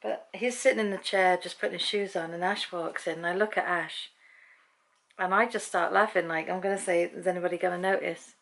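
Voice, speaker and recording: A woman's voice: lowish voice, fairly even intonation, fairly quick, a bit bright. A British woman telling a story at home in a casual vlog, chatty and laughing often as she acts out what people said. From Britain. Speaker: vlogger.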